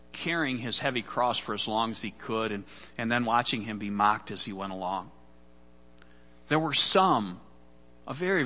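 A man's voice: medium pitch, sharp tone, big-room sound. A man preaching a sermon, telling a scripture story earnestly and often repeating words as he goes. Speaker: pastor.

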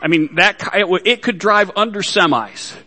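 Casting note: male pastor, high, bright voice, folksy sermon with jokes, reverb of a large church hall. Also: normal speed. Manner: folksy, joking asides to the congregation.

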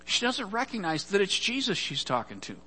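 A man's voice: sits high, sing-song, brisk, pushed and bright, breathy edge, big-room sound. A man preaching a sermon, telling a scripture story earnestly and often repeating words as he goes. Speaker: pastor.

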